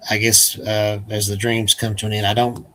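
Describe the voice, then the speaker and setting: A man hosting a casual conversation, recounting personal memories in a reflective, unhurried way. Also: fairly low pitch, level tone, bright, forceful tone, slight background noise, poor audio.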